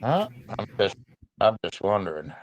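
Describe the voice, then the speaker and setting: A man's voice: on the low side, very animated, moderate pace, no echo. Playful teasing man in his fifties. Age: 50s. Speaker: regular on a livestream. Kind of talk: casual livestream chat.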